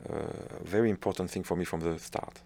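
A man's voice: low voice, steady tone, fast, mellow, slight background noise. A middle-aged French man with a French accent, a conductor answering interview questions, hesitant and searching for words with frequent restarts. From France.

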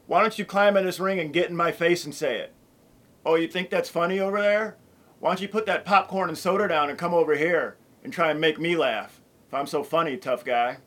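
A man's voice: fairly high pitch, a bit bright, natural voice. A man playing a brash wrestler who taunts and challenges the people watching him. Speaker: professional wrestler in an art video. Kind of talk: trash talk to an audience.

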